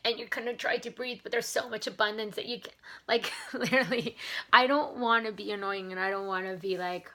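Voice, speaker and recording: A woman's voice: mid-range voice, fairly even intonation, normal speed, pushed and bright. A woman vlogging in a casual, earnest chat to camera, grateful and a little emotional as she talks. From not from Canada. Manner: enthusiastic about mindset and gratitude.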